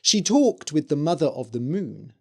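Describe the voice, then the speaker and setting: A storyteller reading a fairy tale aloud slowly for English learners. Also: medium pitch. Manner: slow, clear, expressive. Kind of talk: scripted narration for English learners.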